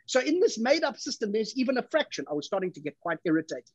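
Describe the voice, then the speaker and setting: A South African man telling a stand-up story with a deadpan, self-mocking delivery. His voice sits high and sounds a little husky. The recording is dull and dry. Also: quick pace, few pauses, dry recording. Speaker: comedian hosting an awards gala. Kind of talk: stand-up comedy routine. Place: home studio for a virtual event.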